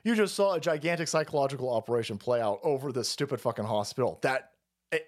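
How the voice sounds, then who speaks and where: A foul-mouthed man hosting a stream, mocking and ranting loudly as he stumbles over his words. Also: medium pitch, expressive, quick pace. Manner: loud, mocking, foul-mouthed, restarts a lot. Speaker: streamer host. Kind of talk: profane political rant.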